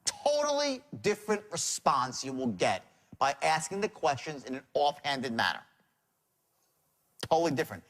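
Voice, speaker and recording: Animated man teaching sales. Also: on the high side, moderate pace. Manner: animated, acts out sales calls in shifting tones. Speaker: sales trainer. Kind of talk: seminar lecture on sales.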